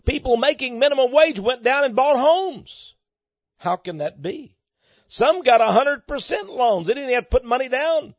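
Man, high animated voice, preaching commentary, emphatic, rhetorical questions, dry dull lo-fi sound. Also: normal speed, no room sound. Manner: emphatic, rhetorical questions, swinging loud and soft. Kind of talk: preaching commentary on economic news.

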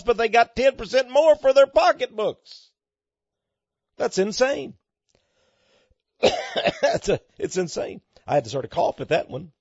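A man with a fairly high, animated voice, preaching his take on the day's headlines. He leans hard into rhetorical questions and swings between loud and hushed. The recording is dry and dull, with a lo-fi sound. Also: dry recording. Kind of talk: preaching commentary on economic news.

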